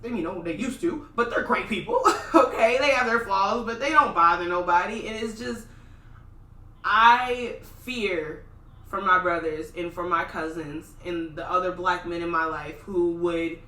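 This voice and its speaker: A woman's voice: on the low side, measured pace, pushed and bright. A young woman from Minnesota co-hosting a casual podcast, blunt and impassioned, swearing freely. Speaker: podcast co-host. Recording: echoey room, mic at a distance.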